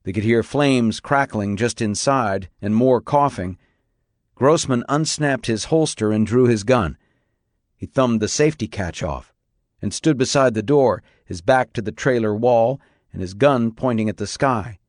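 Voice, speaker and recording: A man narrating an audiobook in a steady, plain storytelling manner. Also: medium pitch, measured pace, dry recording, studio quality.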